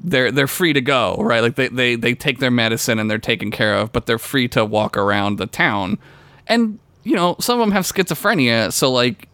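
A man's voice: medium pitch, moderate pace, smooth, no room sound. A young man co-hosting a podcast, telling a story in casual, profane chat and laughing often. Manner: animated storytelling, swears often, laughs a lot. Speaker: podcast co-host.

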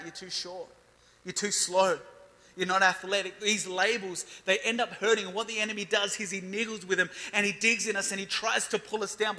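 A man's voice: sits high, bright, forceful tone. A man in his thirties preaching a youth sermon, declaring and building emphasis as he reads scripture. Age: 30s. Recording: reverberant hall.

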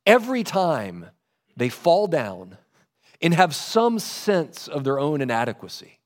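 A man preaching a sermon, lively in delivery, dropping low and soft when quoting scripture. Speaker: pastor.

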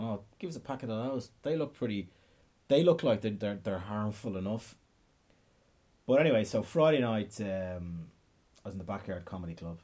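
A young Dublin comedian rambles through a story, swearing freely and tripping over his own sentences. His voice sits low and husky, with a dark, mellow tone. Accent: Irish, Dublin. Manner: rambling, profane, self-interrupting. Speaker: stand-up comedian telling stories. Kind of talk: casual storytelling monologue.

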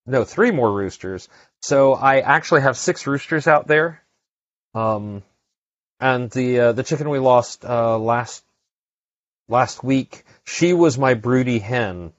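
A man's voice: medium pitch, expressive, takes it slowly, no echo. A man hosting a podcast, chatting casually and rambling with lots of fillers and restarts. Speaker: podcast host. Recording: dry, dull lo-fi sound.

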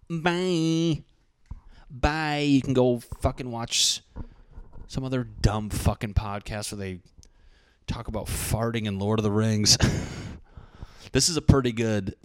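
A man's voice: lowish voice, no echo. Rambling, swearing young podcast guy. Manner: rambling, profane, self-interrupting. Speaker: podcast host. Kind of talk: casual podcast monologue.

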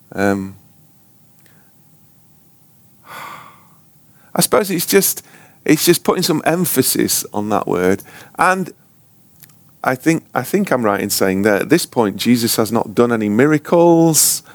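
A man leads an informal Bible lesson, trailing off and restarting his sentences and slipping in jokes. He speaks slowly with a very animated, up-and-down pitch. The sound is dry and close, with almost no room around him. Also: no room sound. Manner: rambling, self-interrupting, joking. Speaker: ministry school teacher.

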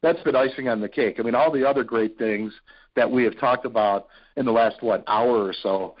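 A man from Ohio, a radio personality, telling stories as a podcast guest in an animated, excitable way. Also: mid-range voice, brisk. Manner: animated, excitable storyteller with frequent fillers. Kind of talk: casual storytelling interview. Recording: dull lo-fi podcast audio.

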